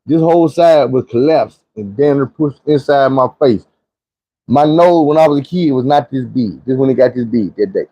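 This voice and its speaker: A man's voice: mid-range voice, lively intonation, normal speed, no echo, dull audio. A young man telling a profane, vivid personal story in a casual monologue. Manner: vivid, profane retelling with shouted quotes.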